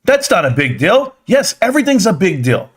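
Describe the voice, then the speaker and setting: A man's voice: high voice, very animated, normal speed, husky. A man hosting a live stream, ranting sarcastically about stocks and scolding his viewers. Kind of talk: ranting stock market commentary.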